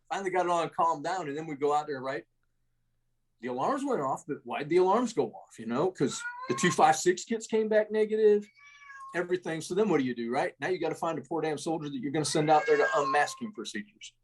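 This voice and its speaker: A man's voice: on the high side, a little hiss or hum. A middle-aged man, an army veteran, telling war stories in a rambling, salty way, full of restarts and tags like "man" and "right?". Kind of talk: casual war storytelling.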